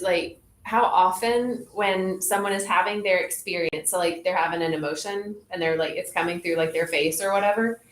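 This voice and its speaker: A woman leading a group in a relaxed, reflective way, often saying "like". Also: mid-range voice. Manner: relaxed, reflective, says "like" a lot. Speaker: group facilitator. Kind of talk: casual wellness group talk. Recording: echoey room, faint noise.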